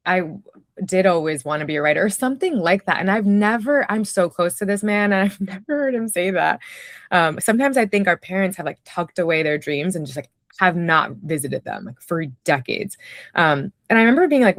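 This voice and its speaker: A woman's voice: mid-range voice, lively intonation, a little fast, dry recording, studio quality. A woman telling personal stories in a casual conversation, reflective and chatty, with many fillers. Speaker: podcast guest, writer.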